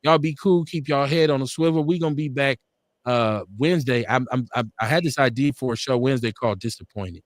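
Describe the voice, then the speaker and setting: A man's voice: mid-range voice, a little fast, no echo, clean studio sound. A man hosting a live online talk show, speaking with fervent, profane, preacherly conviction and driving his points home through repetition. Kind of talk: impassioned political talk-show commentary.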